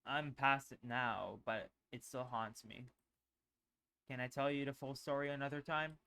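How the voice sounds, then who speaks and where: A man voicing a gentle, guarded young male animal character in a visual novel, speaking softly and slowly. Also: mid-range voice, steady tone, creaky, clear, resonant tone, dry recording. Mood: hushed. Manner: soft, hushed and slow.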